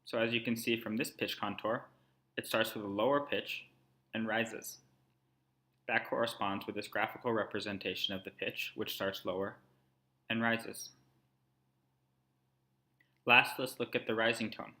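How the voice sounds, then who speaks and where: A man with a low, bright voice talks through a screen-recorded tutorial. He explains calmly, one step at a time, as a language instructor would. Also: normal speed, pauses often.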